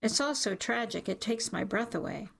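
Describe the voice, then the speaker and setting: A woman narrating a first-person audiobook in an emotional, measured way. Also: on the high side, expressive, gravelly, slightly rough.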